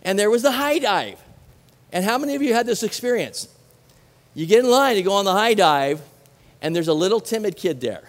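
A middle-aged man with a high-pitched voice delivers an animated sermon, firing questions at his listeners between casual asides. His voice rings out with a long reverb, as if in a large hall. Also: brisk. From Southern California. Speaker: pastor.

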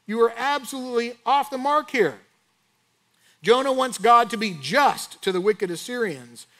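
A man with a rather high voice preaches a sermon. He keeps it lively with rhetorical questions and quick acted-out lines of dialogue. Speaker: pastor.

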